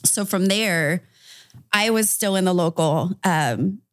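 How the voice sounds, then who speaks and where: A woman with a notably low voice speaks as an interview guest on a podcast. She talks candidly and conversationally, with fillers throughout, and the sound is dry and close. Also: slow, no room sound. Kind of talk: interview, recounting personal story.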